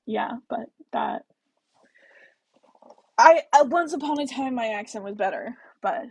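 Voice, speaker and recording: A woman's voice: on the high side, expressive, unhurried, vocal fry, long pauses, a little mellow, breathy edge, no room sound, poor audio. A young woman with a general American accent, hosting a casual book club livestream, rambling and swearing freely with lots of fillers. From American Midwest.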